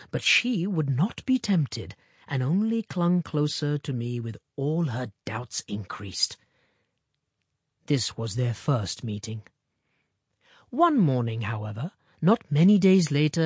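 A woman reads a classic story aloud in a measured, expressive way, and her pitch rises and falls in a lively manner. Her voice has a husky, slightly breathy grain. The recording is close and dry, with no room sound. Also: no room sound. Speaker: audiobook reader. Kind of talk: scripted narration of a short story.

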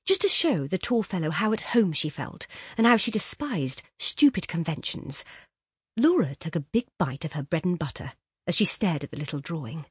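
A woman narrating a classic short story in an expressive, lilting way. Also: fairly low pitch, moderate pace, breathy edge, no room sound, studio quality. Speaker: audiobook narrator. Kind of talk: scripted narration.

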